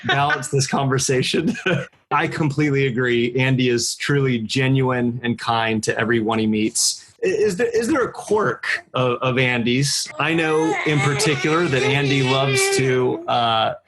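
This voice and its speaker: A man's voice: medium pitch, a little slow, fairly bright tone, slight background noise. A man hosting a casual podcast interview, friendly and upbeat as he speaks to the listeners. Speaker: podcast host.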